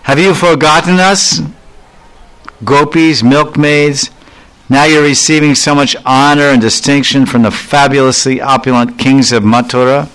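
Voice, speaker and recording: A man's voice: medium pitch, fairly bright tone, close to an everyday voice, poor audio. A man putting on the voice of a lovelorn young village milkmaid who pleads with her absent beloved and reproaches him, in a raised, pleading tone.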